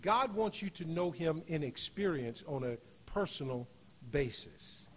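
High-voiced man preaching a sermon. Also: animated. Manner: builds to loud emphatic peaks, slows on key phrases. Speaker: guest preacher. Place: church sanctuary.

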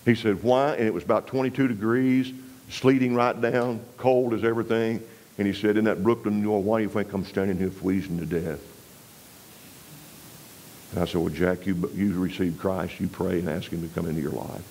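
This revival preacher from West Texas keeps a steady tone and a brisk pace as he tells his sermon like a folksy yarn, quieting down low for emphasis and pushing harder on the scripture. The recording is low-quality, with slight background noise.

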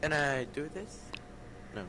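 A man's voice: on the high side, animated, measured pace, bright, forceful tone. A man playing a VR shooter with friends, making laid-back remarks. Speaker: fellow player. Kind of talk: casual gaming chat.

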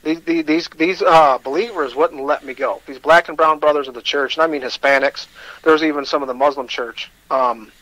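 A man's voice: fairly high pitch, fairly even intonation, fairly quick, bright, forceful tone, no room sound, poor audio. Candid, self-deprecating Michigan man. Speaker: guest. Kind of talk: personal storytelling in a radio interview.

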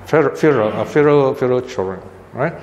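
A man's voice: medium pitch, animated, a little fast, a little mellow, muffled recording. Older man, Buddhist teacher, chatty informal talk, long hall reverb, faint room noise. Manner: conversational, frequent "you know" and "right?" tags.

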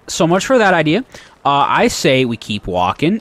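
Animated man chatting through a horror game. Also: mid-range voice, moderate pace. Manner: chatty, talks to the game characters. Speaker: gaming channel host. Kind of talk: let's play commentary.

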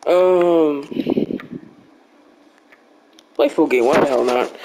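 Slow-talking young man rambling over gameplay. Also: a little high, noisy background. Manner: rambling, joking, blunt trash talk. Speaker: gaming video creator. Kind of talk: casual gameplay commentary.

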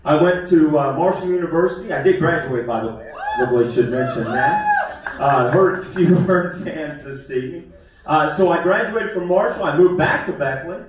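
A man's voice: a little high, wildly swooping pitch, normal speed, a loud crowd. A man, doing a folksy, self-deprecating stand-up comedy set on a small theater stage. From West Virginia. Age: 50s. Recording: echoey theater, mic far off. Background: audience laughter.

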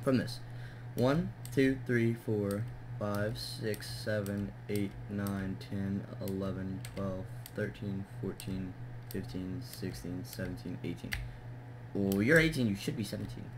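Building in a game on his own channel, this young male host chats in a lowish, steady voice at a slow pace. He loses focus easily, laughs off his errors, and counts the blocks aloud. The audio carries loud background noise and the clicking of a keyboard.

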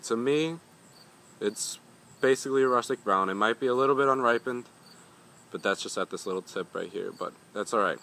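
A man's voice: medium pitch, fairly quick, creaky, bright, forceful tone. A young man reviewing a hot pepper in a casual vlog, rambling and swearing often as he grumbles.

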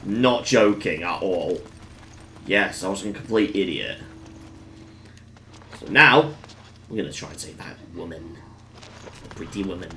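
A man giving casual let's-play commentary on a game, breaking into excited exclamations. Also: deep voice, unhurried, long pauses, noisy background. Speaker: gameplay commentator.

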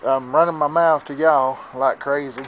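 A man's voice: mid-range voice, fairly even intonation, moderate pace, dull audio, slight background noise. A man, talking in a rambling, worried way in a casual vlog, out of breath and with a stuffy nose, recorded outdoors on a handheld camera. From Southern United States. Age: 40s. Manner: rambling, worried, plain-spoken. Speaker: vlogger. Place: outdoors in wind.

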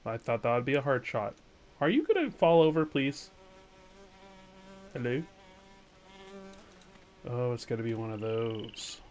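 A man hosting a let's play gaming video, casually chatting and scolding the game out loud, swinging between shouts and mutters. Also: mid-range voice, measured pace, pauses often, slight background noise. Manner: animated, yelling at the game, then muttering. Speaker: gaming channel host.

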